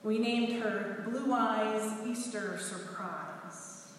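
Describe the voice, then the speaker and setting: A woman in her forties, a pastor reading scripture and then telling a story in a sermon, animated and expressive. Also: mid-range voice, very slow, slight background noise. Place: church sanctuary. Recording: echoey hall, heard from a distance.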